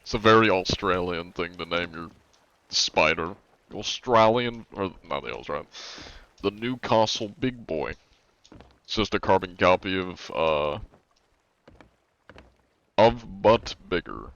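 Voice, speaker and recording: A man's voice: low-pitched, measured pace, creaky, long pauses, fairly bright tone, no echo, muffled recording. A man streaming a game live, chatting casually and rambling with occasional chuckles and swearing.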